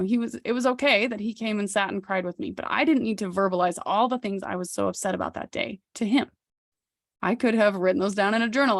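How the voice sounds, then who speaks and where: A woman's voice: medium pitch, dry recording, clean studio sound. A woman in her thirties, a podcast co-host, telling a personal story in a candid, reflective way. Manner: candid, reflective, with occasional laughs.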